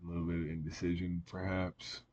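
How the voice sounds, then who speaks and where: A man with a very low, flat voice gives casual trading chart commentary. He rambles, circling back with ums and restarts. The audio sounds dull and lo-fi, with faint hiss behind him. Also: brisk. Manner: rambling, many fillers and restarts. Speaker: market analyst.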